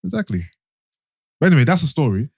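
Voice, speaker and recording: A man's voice: on the high side, fast talker, vocal fry, husky, no echo, studio quality. A man hosting a podcast, telling a story and teasing his co-hosts in casual banter. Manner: teasing, storytelling with lively put-on quotes. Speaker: podcast host.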